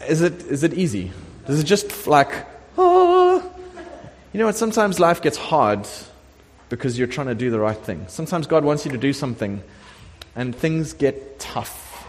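In a church sanctuary, a middle-aged man preaches as a pastor at a moderate pace and medium pitch. He animates the story, acting out the quoted voices of the people in it. The recording carries long church hall reverb.

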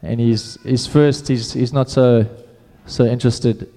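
A man's voice: medium pitch, fairly even intonation, unhurried, mellow, in a large hall. A man preaching a sermon in a casual, conversational way, often restarting his phrases.

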